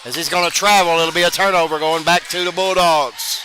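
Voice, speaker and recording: Play-by-play caller, male, pitched high, quick calls with bursts of excitement, gym noise in the background. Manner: rapid calls, bursts of excitement on made shots. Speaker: play-by-play announcer. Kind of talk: live basketball play-by-play. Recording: noisy gym ambience behind voice.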